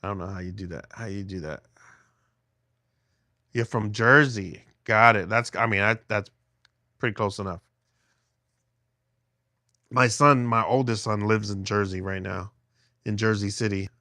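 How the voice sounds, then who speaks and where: A man's voice: lowish voice, steady tone, a little slow, long pauses, bright, forceful tone, no echo, clean studio sound. A middle-aged man livestreaming from a phone held in his hand at home, chatting with viewers in a rambling way with many restarts. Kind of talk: casual livestream chat with viewers.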